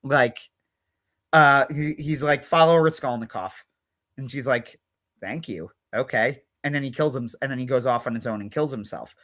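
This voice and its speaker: A man's voice: medium pitch, moderate pace, a bit bright. A man co-hosting a livestream, chatting casually and retelling scenes with lots of "like" and quoted back-and-forth dialogue. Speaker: livestream co-host. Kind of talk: casual chat.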